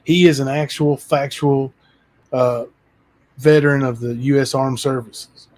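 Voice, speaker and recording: A man's voice: medium pitch, steady tone, a little slow, darkish tone. Casual man hosting his livestream. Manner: loose and conversational, frequent fillers. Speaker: livestream channel host. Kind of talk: casual chat.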